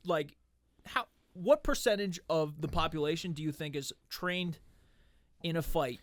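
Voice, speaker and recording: A man guesting on a casual podcast, telling stories with lively swearing and acting out other people's lines. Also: fairly high pitch, measured pace, no echo. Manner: animated storyteller who acts out what others said; swears freely. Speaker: podcast guest, MMA striking coach and fighter. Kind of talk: casual podcast chat, storytelling.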